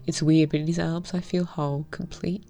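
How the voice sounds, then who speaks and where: A woman reading a visual novel aloud and commenting on it, in a soft, half-whispered, heartfelt way. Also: sits low, little pitch movement, normal speed, creaky, faint music behind. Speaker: game reviewer.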